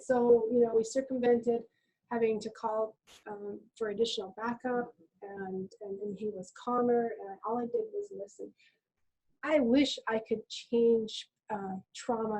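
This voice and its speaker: A middle-aged woman explains her nursing work in a calm, reflective way on a webinar. Her voice sits a little high but sounds mellow and soft. It has a slightly husky edge. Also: moderate pace, rough recording. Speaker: nurse educator, webinar guest. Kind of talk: conversational webinar talk.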